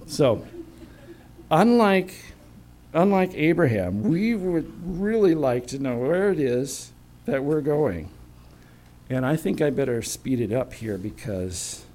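A man's voice: mid-range voice, mellow. A man preaching a sermon in a chatty, storytelling way with self-deprecating humor.

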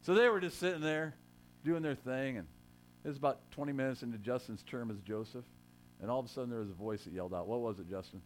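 A man's voice: mid-range voice, fast, a little hiss or hum. A man preaching a sermon in a conversational way, joking with his congregation and rising to emphatic quotes. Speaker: pastor.

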